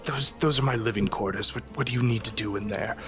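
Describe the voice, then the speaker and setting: A man's voice: lowish voice, music in the background, lightly acted. A man voicing a shaky, weary village priest who stammers and halts as he talks. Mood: defensive. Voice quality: halting, stammering speech. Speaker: priest character.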